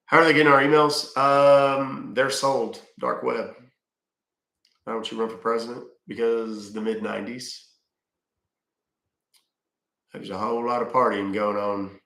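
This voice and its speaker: A middle-aged man with a gravelly, fry-edged voice talks casually on a livestream. He reads questions from chat and answers them bluntly, dropping dry jokes along the way. The sound is roomy, with a noticeable echo off the walls. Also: mid-range voice, steady tone, a little slow, long pauses, a bit bright. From Texas.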